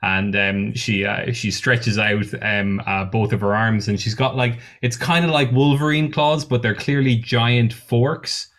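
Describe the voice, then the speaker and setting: A man's voice: medium pitch, fairly even intonation, measured pace, hardly any pauses, fairly bright tone. Casual, swearing male game master. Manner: casual, swearing, many fillers. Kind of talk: narrating a tabletop game.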